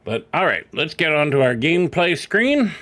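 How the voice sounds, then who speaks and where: A man's voice: fairly high pitch, sing-song, moderate pace, a bit bright. A middle-aged man streaming a video game, chatty and self-deprecating as he talks into a desk microphone at home. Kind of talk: casual live-stream commentary.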